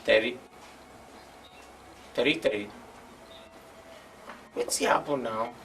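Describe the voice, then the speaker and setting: A man's voice: mid-range voice, very animated, slow, vocal fry, recorded from a distance, over music, heavily acted. An actor playing a teasing co-worker who coaxes his friend, speaking with a Nigerian Pidgin accent.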